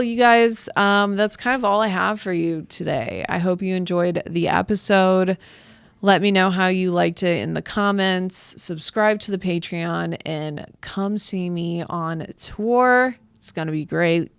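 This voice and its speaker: A woman in her thirties, a comedian hosting her own podcast, rambling through a casual monologue with halting restarts. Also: lowish voice, gravelly, clear, resonant tone, no echo. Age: 30s. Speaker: podcast host and stand-up comedian.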